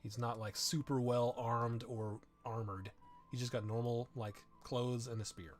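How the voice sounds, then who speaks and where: A man's voice: medium pitch, level tone, soft background music. A man narrating as game master of a tabletop game, improvising descriptions with frequent restarts and fillers. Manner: improvising, halting with many restarts.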